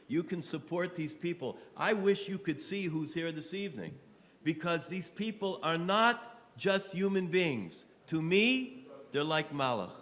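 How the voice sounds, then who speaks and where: A man making an impassioned fundraising appeal on a live telethon, pleading and rising to shouts. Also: fairly high pitch, big-room sound. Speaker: rabbi appealing for donations. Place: telethon studio.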